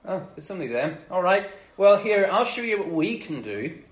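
A sneering demon, voiced by a man, scornful and unbothered, his voice pitched up high and soft. The sound rings in a roomy, echoey space. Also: very animated, moderate pace. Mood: mocking. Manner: sneering, unimpressed. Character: smug mocking male demon.

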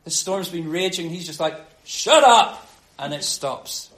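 A man preaching a sermon, telling the story with animated acted-out quotes. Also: on the high side, normal speed. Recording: roomy echo.

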